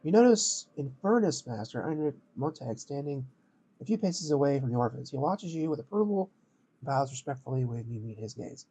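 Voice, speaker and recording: A man's voice: mid-range voice, animated, fairly quick, mellow, husky, poor audio. A man playing a game and reading its text aloud, joking and hesitant between grand speeches. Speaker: game player.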